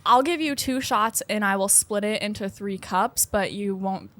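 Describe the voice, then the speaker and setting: A woman's voice: medium pitch, normal speed, fairly bright tone. A woman co-hosting a podcast, animatedly retelling a bar encounter with quoted dialogue. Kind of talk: casual chat.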